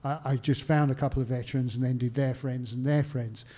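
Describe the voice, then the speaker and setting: A man's voice: medium pitch, fairly even intonation, brisk, warm tone. An Australian man, a historian and author, answering interview questions with anecdotes and self-deprecating humour, acting out phone calls as he goes. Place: stage talk at a literary venue.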